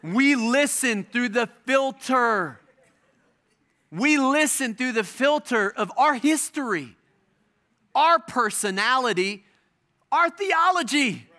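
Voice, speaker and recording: Bright, high-pitched male preacher. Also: animated. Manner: emphatic repetition with dramatic pauses. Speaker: pastor. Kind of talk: sermon.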